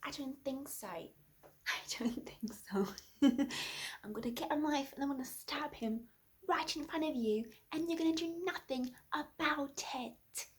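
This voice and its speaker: Woman playing a brash, rambling woman author with a shady past, slightly high voice, deadpan delivery, improv comedy. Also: moderate pace, close to an everyday voice. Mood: threatening.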